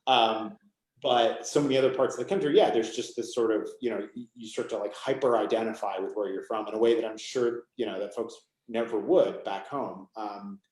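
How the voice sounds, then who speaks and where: A man's voice: fairly low pitch, steady tone, brisk, darkish tone, roomy sound, low-quality recording. A man from Maine, an author guest, speaking in a rambling, casual way full of "you know" and "like" on a video call. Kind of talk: casual conversation.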